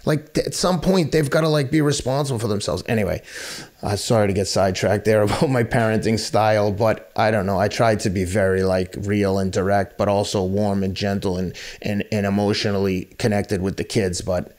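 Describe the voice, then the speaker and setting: A man's voice: fairly low pitch, steady tone, a little fast, darkish tone. A man in his fifties, a podcast guest, talking candidly and bluntly and swearing freely. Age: 50s. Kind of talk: casual interview talk.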